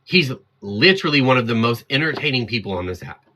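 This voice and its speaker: A man's voice: mid-range voice, very animated, fast talker, pushed and bright. A man hosting his own livestream, talking straight at his chat in a heated, defiant rant. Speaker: livestream host.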